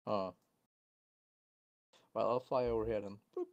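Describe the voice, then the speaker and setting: A man's voice: lowish voice, unhurried, muffled recording. A man playing in a tabletop game, chatting casually in a playful way. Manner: playful, animated. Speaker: player.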